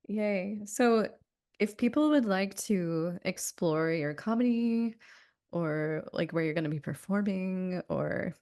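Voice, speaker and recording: A woman hosting a podcast, gentle and supportive with her guest. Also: lowish voice, expressive, slow, long pauses. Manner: gentle, supportive, laughs often. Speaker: podcast host. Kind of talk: casual interview chat.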